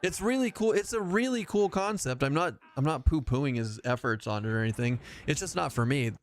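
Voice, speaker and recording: A man's voice: fairly high pitch, expressive, fairly quick. A man chatting casually as he streams a game live, rambling and self-mocking and laughing often.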